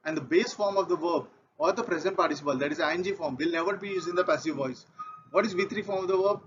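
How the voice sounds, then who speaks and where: A man's voice: high-pitched, fast talker, a bit bright, a little hiss or hum. A man with an Indian English accent teaching a grammar lesson, methodical and repeating each key point. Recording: dull lo-fi audio.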